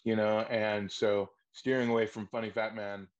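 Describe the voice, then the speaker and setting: Lively laughing male storyteller, lo-fi. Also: fairly low pitch, normal speed. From Wisconsin, USA. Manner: lively, laughs often, acts out quoted dialogue. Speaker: actor, interview guest. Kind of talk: casual anecdotal storytelling.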